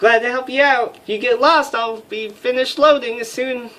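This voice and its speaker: A man putting on a cheerful young female flight officer in a high falsetto, chirpy and eager to help. The voice is bright and sits far above his own, bubbling with constant good cheer for a let's play of a sci-fi story game. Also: fairly even intonation, moderate pace.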